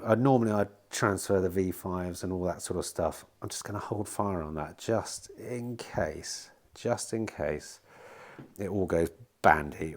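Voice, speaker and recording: A man's voice: low-pitched, a little mellow. A middle-aged man, a used car dealer, chatting casually and rambling to camera, swearing now and then. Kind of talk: casual vlog chat to camera. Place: outdoors in bright sun at a car lot.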